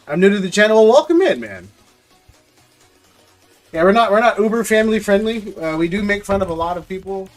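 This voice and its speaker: A man hosting a live stream, chatting casually and jokingly with viewers in loose slang, often repeating words as he goes. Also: high-pitched. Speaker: live-stream host opening trading card packs.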